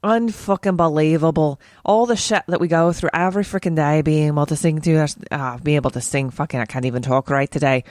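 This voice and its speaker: A woman's voice: sits low, a little fast, few pauses, a little mellow, no echo, clean studio sound. A woman podcast host putting on an Irish accent for a playful, heavily sworn casual monologue. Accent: put-on Irish. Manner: playful, heavy swearing.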